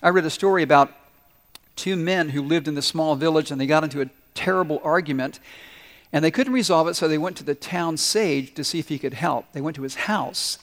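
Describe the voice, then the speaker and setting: A man's voice: on the high side, a little fast, in a large hall. A male pastor preaching a sermon, telling stories with acted-out quotes and putting questions to the congregation.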